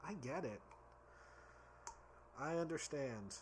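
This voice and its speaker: A man's voice: fairly high pitch, animated, slow, a little hiss or hum. A tipsy man rambling and giggling as he reviews drinks in a casual vlog, stumbling over his words.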